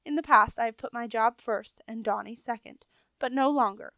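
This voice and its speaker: A woman's voice: a little high, moderate pace, a bit bright, dry recording. A woman voicing a proud male messenger rat who speaks firmly and formally. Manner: firm, dignified, formal.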